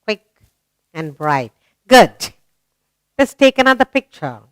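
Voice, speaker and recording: A woman teaches little children, slowly and patiently. Her voice is smooth and clear, recorded close and dry with no room sound. She asks many sing-song questions. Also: mid-range voice, sing-song, no room sound, poor audio. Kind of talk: children's grammar lesson.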